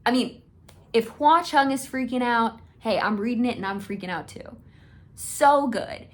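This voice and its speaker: A young woman gushing in a casual fan rant. She is excitable and swears freely. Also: on the high side, a little slow. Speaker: video creator.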